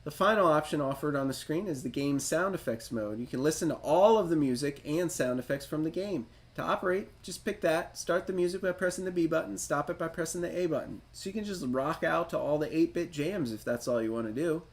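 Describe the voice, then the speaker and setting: A man's voice: on the high side, brisk. Chatty male retro gaming streamer. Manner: chatty, self-deprecating, reads instructions then riffs on them. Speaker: retro gaming livestream host. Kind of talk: casual commentary reading a game manual aloud.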